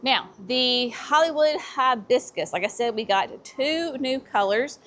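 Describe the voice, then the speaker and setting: A woman's voice: sits high, expressive, unhurried, fairly bright tone, slight background noise. A woman hosting a casual walk-through of plants at a garden center, chatty and enthusiastic. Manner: chatty and enthusiastic, says y'all often.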